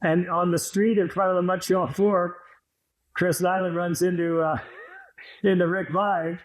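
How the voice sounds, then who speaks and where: A man's voice: high voice, little pitch movement, unhurried, rough recording. A man in his fifties, a podcast guest and former hockey player, telling long rambling stories in casual chat and laughing as he goes.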